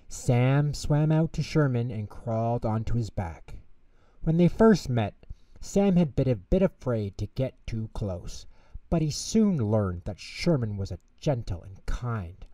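Male narrator reading a bedtime story, expressive and measured, mellow-voiced, mic a bit distant. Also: mid-range voice, no echo. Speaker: storyteller host.

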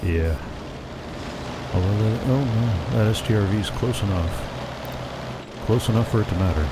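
A man's voice: fairly low pitch, moderate pace, heavy background noise. A man streaming a tank game, chatting wryly to himself about the match. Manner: wry, talks to himself while playing. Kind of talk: casual gameplay commentary.

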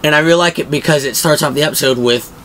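A man's voice: on the high side, racing, a bit bright, a little hiss or hum, poor audio. A young man hosting a show, giving casual, enthusiastic fan commentary in a rambling way full of fillers. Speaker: pop-culture show host.

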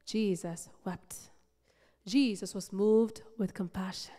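A woman preaching a sermon in a church, passionate and emphatic, repeating phrases and swinging between loud build-ups and soft, low passages. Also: fairly even intonation, slow pace. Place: church sanctuary. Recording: long reverb of a church hall.

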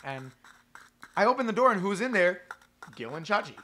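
A man's voice: high voice, normal speed. A young man on a casual podcast, telling a story with lots of swearing and acting out the other people's lines. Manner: animated storyteller, swears a lot, acts out quotes. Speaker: podcast co-host, band member.

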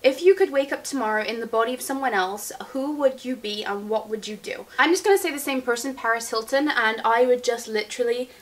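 A young woman with a fairly high voice chats casually through a viewer Q&A. She rambles and giggles as she goes. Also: brisk, few pauses. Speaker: beauty vlogger. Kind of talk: casual Q&A chat.

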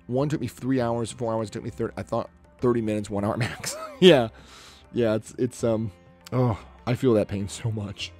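Soft music plays behind a man whose voice is lowish, steady, and a bit dark, moving at a normal speed. He's an artist drawing on a livestream, talking loosely with chat and murmuring to himself as he goes.

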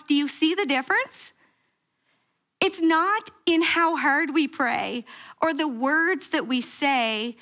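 Bright, high-voiced woman preaching. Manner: animated storytelling, acting out quoted prayers with sharp pitch jumps. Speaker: pastor. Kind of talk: sermon. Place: church sanctuary.

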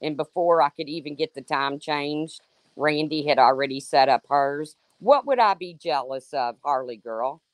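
A woman's voice: deep voice, moderate pace, dry recording. A woman hosting a livestream, sarcastically calling out a rival and answering her chat by name. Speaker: livestream host. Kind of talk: confrontational livestream rant.

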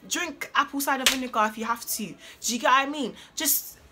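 A woman's voice: high voice, a little fast, noisy background. A young adult woman vlogging to camera in a casual, emphatic, preachy way. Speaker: beauty vlogger.

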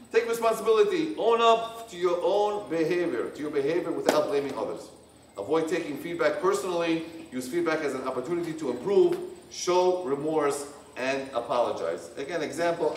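A rabbi leads a couples workshop, reading out points and then restating them in plain, repetitive words. His voice sits a bit high for a man. He sounds far from the mic in an echoey room with a faint background hum. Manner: reads points aloud, then explains in plain repetitive phrasing. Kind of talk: workshop lecture.

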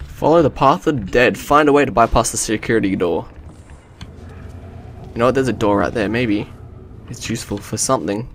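A man giving casual, jokey commentary as he plays a stealth game, swearing and bursting into excited shouts. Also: medium pitch, a little fast, pauses often, a little hiss or hum. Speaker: gameplay commentator.

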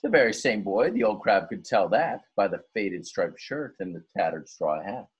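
A male teacher reading a rhyming story aloud in an expressive, sing-song way. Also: lowish voice, normal speed, breathy edge, lo-fi sound.

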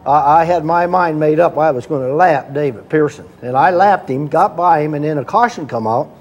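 A man's voice: on the high side, moderate pace, dull audio. A man with a slightly raised voice tells an old race story in an easygoing way. He chuckles as he goes. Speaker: former driver telling a story. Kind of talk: casual storytelling among old racers.

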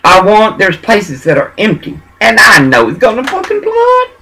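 A man's voice: high-pitched, huge pitch swings, normal speed, bright, forceful tone, a little hiss or hum, low-quality recording. A man from Texas, talking in a preachy, meandering monologue. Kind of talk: rambling monologue.

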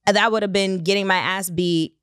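A woman's voice: medium pitch, fairly even intonation, moderate pace, a bit bright, clean tone, dry recording, studio quality. A young woman co-hosting a podcast, chatting casually and telling stories with voiced quotes. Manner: outspoken, storytelling with voiced quotes. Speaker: podcast co-host. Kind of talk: casual group chat.

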